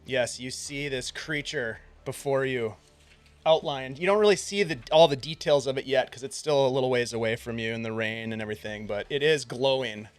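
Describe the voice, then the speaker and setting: A man narrating as game master of a tabletop game, with quick relaxed asides between scene descriptions. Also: mid-range voice.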